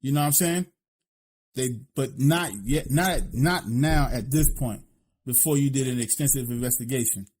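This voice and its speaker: Man, Philadelphia accent, podcast co-host, blunt, profane, mid-pitched, casual. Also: moderate pace, darkish tone, a little hiss or hum. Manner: blunt, profane, says "you know what I'm saying" constantly. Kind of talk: casual opinionated podcast talk.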